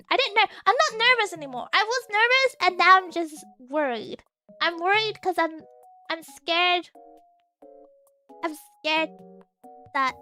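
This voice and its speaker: A woman chatting casually with her live chat as a streamer host, giggly and excitable, laughing often as she talks. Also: high voice.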